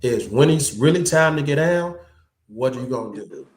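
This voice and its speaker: A man who is a guest and martial artist, telling lively anecdotes in casual slangy talk and acting out the voices of the people in his stories. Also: mid-range voice, normal speed, roomy sound, slight background noise. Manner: animated anecdotes, slangy, acts out quoted voices. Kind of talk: casual storytelling chat.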